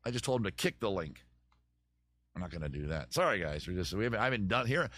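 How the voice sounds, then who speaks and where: A man's voice: deep voice, animated, fast talker, a bit bright, dry recording. A man hosting his live-stream chat show close to the microphone, rambling, joking and poking fun at himself. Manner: rambling, joking and self-mocking.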